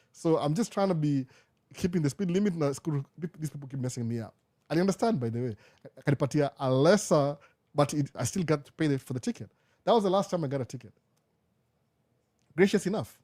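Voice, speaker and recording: A man's voice: on the high side, lively intonation, quick pace, dark tone. A young Kenyan man with a Kenyan accent, hosting a casual live Q&A chat and switching back and forth between Swahili and English. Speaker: live show host.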